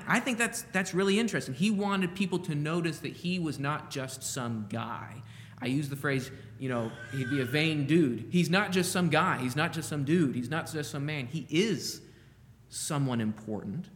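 A man's voice: mid-range voice, a bit bright, in a large hall. A man preaching in a conversational style, musing aloud with asides and rhetorical questions. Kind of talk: conversational Bible teaching.

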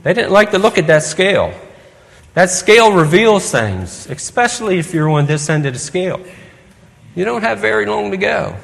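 A man's voice: high voice, sing-song, normal speed, creaky, fairly bright tone. A man preaching an evening sermon, earnest, putting question after question to the congregation. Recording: long reverb of a hall.

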